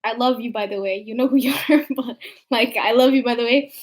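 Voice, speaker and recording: Woman, casual chat, animated storyteller, fairly high voice. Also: fairly quick. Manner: animated storytelling with acted quotes. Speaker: youtuber.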